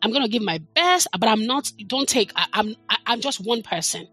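A woman's voice: a little high, animated, fairly quick, bright, forceful tone, slightly rough, faint music behind. A middle-aged woman, talking as a podcast guest in a passionate, emphatic way, leaning hard on her words. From Nigeria. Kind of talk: casual chat.

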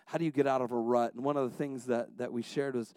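A man's voice: mid-range voice, fairly even intonation, quick pace, clear, resonant tone, dry recording. A man preaching a sermon as a pastor, telling family stories with many restarts and building to passionate exhortations. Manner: storytelling, many restarts, swings between soft asides and rising exhortation.

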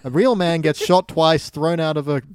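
A man's voice: fairly high pitch, normal speed, darkish tone, clean tone, no echo. Male podcast co-host, dry sardonic humour, film recap, dry close sound. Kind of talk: casual film review chat.

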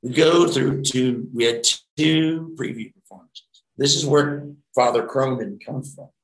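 A middle-aged actor telling rambling, profane anecdotes in a casual interview. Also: male voice, mid-range voice, measured pace, gravelly, reverberant, rough recording.

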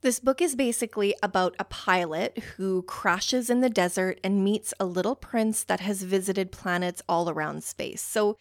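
A young woman hosting a casual book-review podcast, talking in an excitable, rambling way full of "like" fillers and getting easily worked up. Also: mid-range voice, no room sound, studio quality. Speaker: podcast host.

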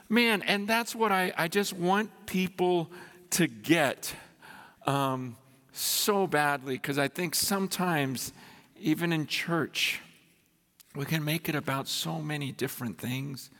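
Excitable pastor with a bright, creaky voice. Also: male voice, high-pitched, a little slow. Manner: excited, effusive, repeats himself. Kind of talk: sermon.

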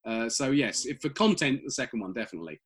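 A British man, a guest writer, chatting casually in an interview, animated and full of restarts. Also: mid-range voice, fast talker, breathy edge. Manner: animated, many restarts and repeated words.

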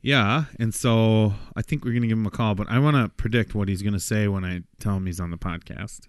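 A man's voice: lowish voice, steady tone, brisk, no room sound, studio quality. A man co-hosting a casual podcast, rambling and laughing, swearing freely as he fiddles with a phone call. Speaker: podcast co-host.

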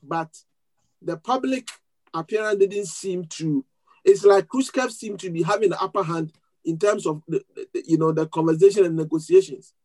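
A man preaching to a congregation. He tells a story in an animated way, often restarting his words and laughing as he goes. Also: high-pitched, normal speed, poor audio. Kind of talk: sermon storytelling.

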